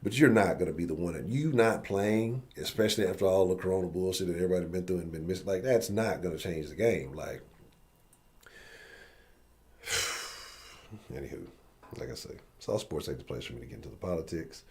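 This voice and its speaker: A man's voice: deep voice, a little fast, pauses often, darkish tone, slight background noise. A man hosting a live-stream sports talk show, ranting bluntly and profanely. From Houston area.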